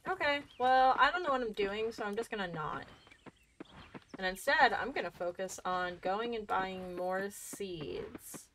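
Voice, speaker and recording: A young woman streaming a video game, chatting excitably and talking to herself as she plays. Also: medium pitch, measured pace, slight background noise. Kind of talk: casual let's-play commentary.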